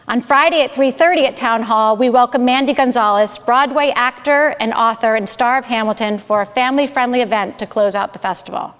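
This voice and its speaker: Woman library director, formal welcome, measured read, high voice, reverberant hall. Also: a bit bright, clear, resonant tone. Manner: reads prepared remarks, measured. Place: town hall event space. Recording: roomy hall with long reverb.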